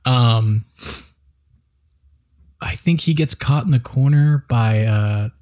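A man's voice: mid-range voice, slow. Rambling young man, casual chat. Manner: rambling, loose, swears casually. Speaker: podcast co-host. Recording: dull lo-fi recording.

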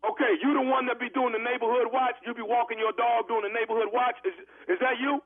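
A man's voice: extremely high pitch, flat delivery, quick pace. A man making a prank phone call, pushily accusing the other person. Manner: accusing, pushy, teasing. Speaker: prank caller. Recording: tinny phone line.

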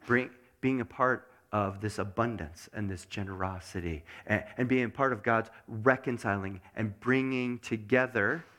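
A man preaching a sermon as pastor, asking the congregation many questions and dropping to a soft mutter to show meditation. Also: fairly low pitch. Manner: animated, asks the congregation lots of questions; drops to a soft mutter when showing meditation.

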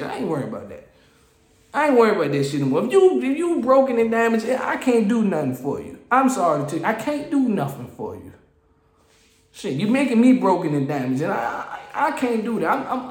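A man with a high voice rants on a casual solo podcast in an animated, exasperated way. He stumbles, repeats himself and restarts his phrases. His voice echoes around a roomy space. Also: brisk. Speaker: podcast host.

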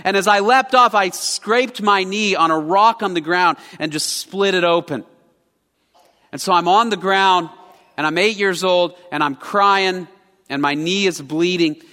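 A man's voice: high voice, unhurried, sharp tone. A man preaching a sermon as pastor, telling a personal story in an earnest, conversational way. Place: church sanctuary. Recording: church hall with long reverb.

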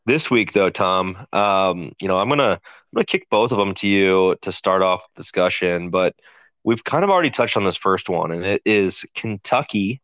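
A man's voice: low-pitched, animated, normal speed, fairly bright tone, no room sound. A man co-hosting a podcast, leading a casual sports chat in an easygoing, conversational way. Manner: easygoing, conversational, leads the questions. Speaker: podcast co-host.

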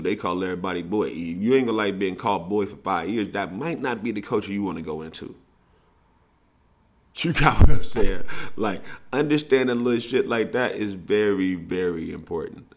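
A middle-aged man talks in a very low, deep register. He tells stories and gives advice in a blunt, casual, profane way. He repeats words for emphasis, like a coach talking straight to young athletes. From Southern United States. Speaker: podcast host and coach.

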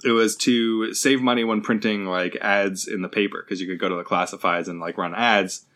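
Bright, low-voiced podcast co-host man. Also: fairly even intonation, normal speed. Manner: chatty, shares trivia with laughs. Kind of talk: casual chat.

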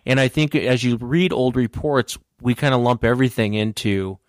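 A man hosting a podcast, chatting casually and retelling a listener's account with lively energy. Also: medium pitch, moderate pace, dry recording, studio quality. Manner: animated retelling of a caller's story. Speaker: podcast host. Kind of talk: casual interview chat.

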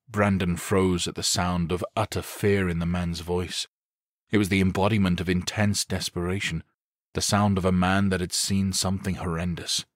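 A man narrating an action thriller audiobook in a steady, deliberate way. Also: deep voice, dry recording, clean studio sound. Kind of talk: scripted narration.

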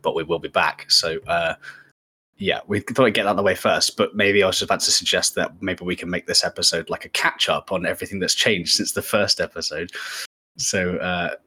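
A man with a very deep, husky voice co-hosts a casual podcast. His tone has a bright, forceful edge. He rambles and stumbles through restarts as he talks. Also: fairly even intonation, fairly quick. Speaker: podcast co-host.

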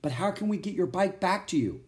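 A man's voice: high-pitched, pitched above the performer's own voice. A man voicing an eager, brave young girl who exclaims readily, raising his voice for her. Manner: excited, quick to exclaim.

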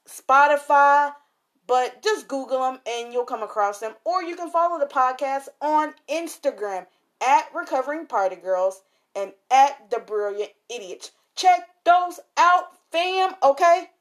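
A young adult woman hosting a podcast in a casual, slangy style, talking straight to her listeners, then reading a poem slowly and softly. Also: high voice. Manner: chatty and slangy, addresses listeners directly. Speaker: podcast host.

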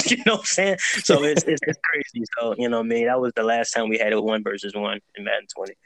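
A man's voice: medium pitch, quick pace, fairly bright tone, no echo. A man co-hosting a casual sports debate show, laid-back, stammering a little and answering in short agreements.

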